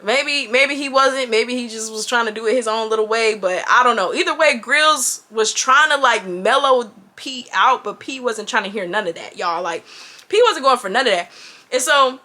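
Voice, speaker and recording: A high-voiced woman in her twenties tells a story straight to camera, bright and forceful in tone. Her delivery is animated and full of slang, with an expressive, chatty feel. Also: moderate pace. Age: 20s. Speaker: vlogger. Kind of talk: casual storytime.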